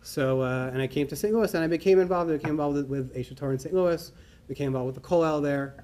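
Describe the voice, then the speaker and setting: A middle-aged man telling a personal story to a conference audience, acting out the dialogue in an animated way. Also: fairly high pitch, fast talker. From New York. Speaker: conference speaker. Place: conference hall.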